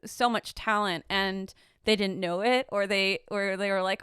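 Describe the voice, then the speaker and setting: A woman co-host in casual podcast talk, with a very smooth, clean voice recorded dry and close. She gropes for words, trailing off and restarting. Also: mid-range voice, steady tone, measured pace, fairly bright tone, dry recording. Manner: hesitant, many fillers and restarts. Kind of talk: casual chat.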